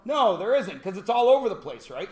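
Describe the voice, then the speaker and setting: A man's voice: high voice, big pitch swings, fairly quick, darkish tone. A man teaching a classroom lesson, joking and quizzing his students as he goes. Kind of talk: classroom lecture.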